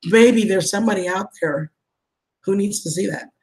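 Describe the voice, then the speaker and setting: A woman in her fifties talks straight to her livestream audience in a relaxed, chatty way. Her voice is husky and a little breathy. She greets viewers by name, calls them honey and sweetheart, and laughs often. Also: mid-range voice, moderate pace, low-quality recording. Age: 50s. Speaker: livestream vlogger. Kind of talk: casual livestream chat reading viewer comments.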